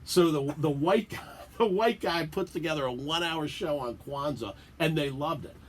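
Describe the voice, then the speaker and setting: A man's voice: a little high, moderate pace, slight background noise. A middle-aged man from the Washington DC area, telling stories as a guest in a casual radio interview, laughing and acting out quotes. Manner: animated, laughing storyteller who acts out quotes. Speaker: podcast guest. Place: radio studio.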